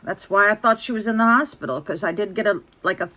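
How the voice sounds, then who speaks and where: A woman's voice: mid-range voice, fast talker, sharp tone. A woman in her sixties, venting bluntly and ramblingly to her phone camera. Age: 60s. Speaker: vlogger.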